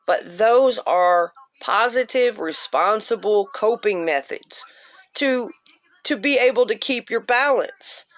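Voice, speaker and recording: A woman with a mid-pitched voice speaks straight to her viewers in a forceful motivational rant. She hammers points home with short repeated commands and casual swearing. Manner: blunt and profane, punchy repetition. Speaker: vlogger giving self-help advice.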